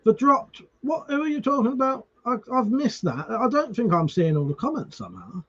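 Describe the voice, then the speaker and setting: A man's voice: very high voice, expressive, moderate pace, creaky, a bit bright. A man chatting casually with viewers on a live stream, reading comments, greeting them by name and swearing freely. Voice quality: swears freely, restarts words. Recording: dull lo-fi stream audio.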